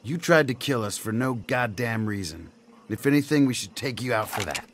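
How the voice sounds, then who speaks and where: A man's voice: medium pitch, animated, moderate pace, fairly bright tone, a little hiss or hum, close to an everyday voice. An actor voicing a cocky, crude male survivor in a video game, brash and swaggering. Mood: defiant. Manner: brash, swaggering, foul-mouthed.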